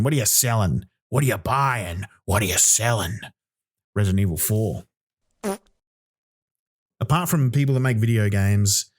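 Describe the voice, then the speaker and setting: A young Australian man hosting a podcast, ranting in a loose comic monologue, swearing and acting out little voices as he goes. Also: lowish voice. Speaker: podcast host.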